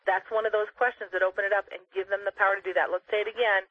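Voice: mid-range voice, little pitch movement, rapid-fire, few pauses, husky, dry recording. A sales trainer coaching people on a conference call, stressing and repeating key phrases. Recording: tinny phone line.

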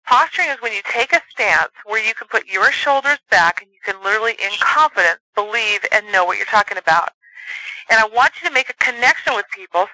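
A man's voice: sits high, bright, forceful tone, dry recording, poor audio. A man giving a motivational sales training talk in an earnest coaching manner, acting out short voices as examples.

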